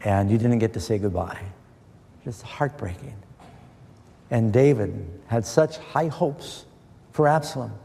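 A man's voice: mid-range voice, a little slow, creaky, long pauses, dark tone. A middle-aged male preacher giving a sermon as a Bible study, posing questions and answering them with scripture in an earnest, emphatic way. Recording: long reverb of a large hall.

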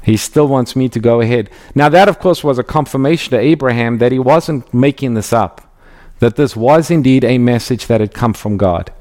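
A man with a mid-range voice teaches through a Bible passage. His delivery is measured and emphatic, and he slows down on key phrases. He reads scripture aloud along the way. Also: mid-range voice, darkish tone.

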